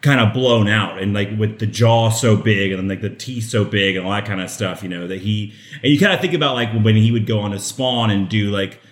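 A man co-hosting a casual comics podcast, laid-back and quick to laugh, often trailing off mid-thought. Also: lowish voice. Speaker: podcast co-host. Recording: echoey room.

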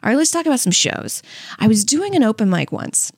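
Woman, young adult, stand-up comic, casual storytelling, animated, fairly high voice, dry close sound. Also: brisk, gravelly, no room sound. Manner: animated, acts out quotes, laughs often. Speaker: podcast co-host and stand-up comic.

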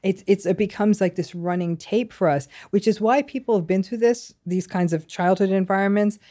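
A woman psychologist guesting on a podcast, explaining calmly and backing her points with examples. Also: medium pitch, moderate pace.

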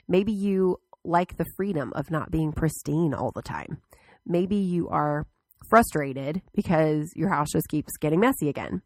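A woman's voice: on the low side, darkish tone, no room sound. A woman hosting her podcast alone, sounding stuffed up from a cold, chatty with fillers and restarts. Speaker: podcast host. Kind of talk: casual solo podcast talk.

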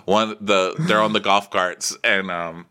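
Brief: male podcast co-host, bright and forceful tone, wry recap full of silly impressions. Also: lowish voice, fairly even intonation, a little slow, clear, resonant tone. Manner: wry, quotes people in put-on voices. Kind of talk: casual comedic recap chat.

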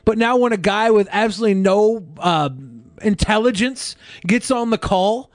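A man's voice: sits high, normal speed, dry recording, studio quality. A man co-hosting a podcast, telling stories in a mocking, rambling way. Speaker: podcast co-host. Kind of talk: casual chat.

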